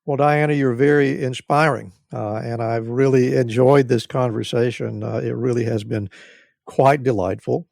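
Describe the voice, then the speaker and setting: A man hosting a podcast interview, speaking in a measured way with frequent uhs. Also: medium pitch, fairly even intonation, vocal fry, darkish tone, no echo, clean studio sound. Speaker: podcast host.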